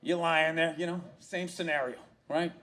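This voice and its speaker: A man's voice: on the high side, fairly even intonation, moderate pace, fairly bright tone. A man doing a stand-up comedy routine, telling a profane story and acting out the scenes, heard as a played-back clip. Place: comedy stage.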